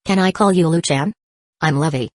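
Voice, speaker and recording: A woman's voice: low voice, moderate pace, no room sound, studio quality, lightly acted. A woman voicing an eager, bubbly young bookish girl in an audiobook reading. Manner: eager, bright.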